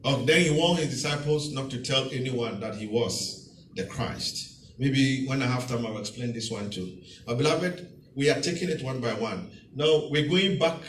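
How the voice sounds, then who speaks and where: A man's voice: medium pitch, moderate pace, slight background noise. A man preaching a sermon as pastor, teaching verse by verse and repeating key phrases for emphasis. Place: church hall. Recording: echoey church hall, mic at a distance.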